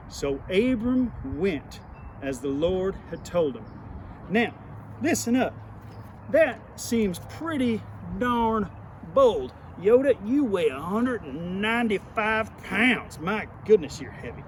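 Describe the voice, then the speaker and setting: A man's voice: high voice, lively intonation, slow pace. A man, telling a playful, folksy Bible lesson for children outdoors. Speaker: children's Bible teacher in character. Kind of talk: folksy kids' devotional. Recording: outdoor clip with traffic noise.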